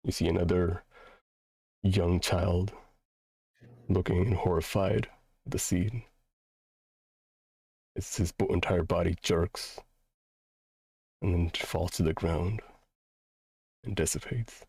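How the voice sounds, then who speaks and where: Deep gravelly game master. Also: male voice, fairly even intonation, dark tone, dry recording. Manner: slow descriptive narration with pauses. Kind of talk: narrating a tabletop game.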